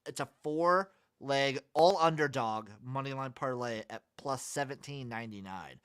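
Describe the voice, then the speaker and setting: A man co-hosting a casual sports betting podcast, listing his picks with dry, deadpan jokes. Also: medium pitch, normal speed, clean tone. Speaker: podcast co-host.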